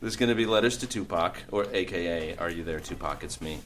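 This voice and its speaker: A man with a deep, low voice talks casually as a podcast guest. He rambles and pauses a lot with uhs while describing his work. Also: a little hiss or hum. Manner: rambling, hesitant, with many uhs. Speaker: guest, comedian and voice actor.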